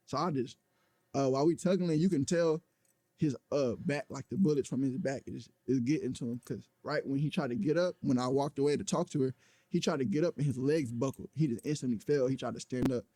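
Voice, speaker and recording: A man's voice: medium pitch, fairly quick, mellow, no echo. A man recounting a personal story in an interview, blunt and profane, rambling with plenty of fillers. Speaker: interview guest.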